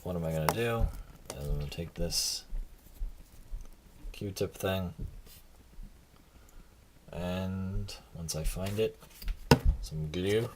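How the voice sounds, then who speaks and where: A man's voice: sits low, slow, pauses often, noisy background. A tired man talking casually through his hobby crafting work, rambling and self-deprecating. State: tired, yawning. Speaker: hobby video maker.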